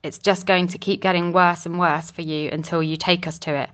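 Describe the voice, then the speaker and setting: A woman's voice: lowish voice, fairly even intonation, fairly quick, a bit bright, natural voice. A woman voicing a brutal, threatening armed man in a storybook reading, harsh and demanding. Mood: menacing.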